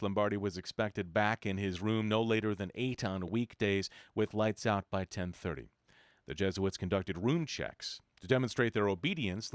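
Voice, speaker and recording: Low-voiced man reading a book aloud. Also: no echo, studio quality. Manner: measured, even reading with occasional self-corrections. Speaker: reader.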